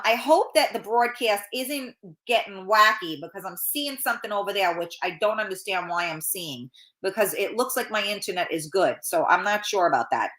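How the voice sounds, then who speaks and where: A woman's voice: mid-range voice, sharp tone. A middle-aged woman hosting a casual live stream, chatting bluntly and swearing freely while reading out viewer comments, with a runny nose. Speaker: talk show host reading viewer comments.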